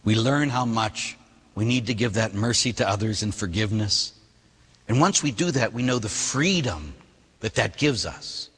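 A man, a priest, preaching a sermon with lively storytelling, acting out quoted voices and laughing at himself. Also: fairly low pitch, normal speed, husky, in a large hall.

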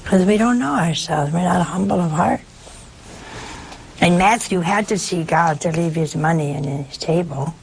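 A woman's voice: fairly low pitch, normal speed, creaky, a little hiss or hum. An older woman giving a conversational sermon, emphatic and full of rhetorical questions. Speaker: preacher.

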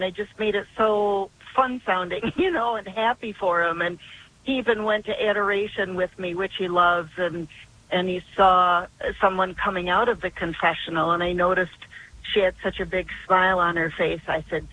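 An older woman phones in to a talk show. Her voice is bright and forward, and she talks in an earnest, chatty way. The line carries a faint hiss. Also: lowish voice, moderate pace, rough recording. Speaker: caller. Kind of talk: phone-in call.

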